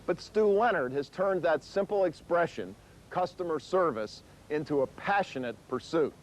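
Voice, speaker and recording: A man's voice: a little high, animated, moderate pace, slight background noise, rough recording. A man presenting a business documentary in an assured, emphatic way. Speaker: narrator, business commentator.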